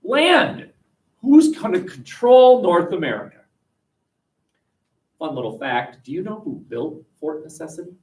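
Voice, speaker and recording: A man lecturing a classroom with a lively, rising and falling voice, firing questions at the students and tossing in wry jokes. He sits a little high in pitch, and the sound is caught by a webcam some distance away in the room. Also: moderate pace. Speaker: history teacher. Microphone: webcam across the room.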